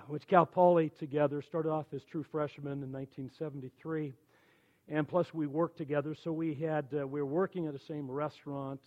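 A man in his sixties, a church elder, telling conversion stories in a folksy, animated sermon. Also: fairly high pitch, muffled recording. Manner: animated, folksy storytelling with quoted dialogue. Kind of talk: storytelling sermon.

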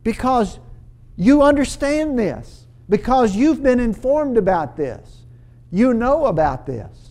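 A man's voice: very high voice, sing-song, slow, darkish tone. A man preaching a sermon, explaining scripture earnestly with emphatic repeated phrases and occasional stumbles and restarts.

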